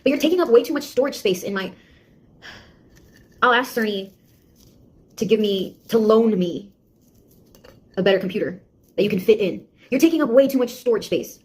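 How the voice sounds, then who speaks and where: A woman's voice: medium pitch, animated, normal speed, long pauses, breathy edge. An actress playing a sarcastic young woman, a beta tester who mocks and scolds a nosy AI in a one-sided audio drama. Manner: mocking, taunting, exasperated.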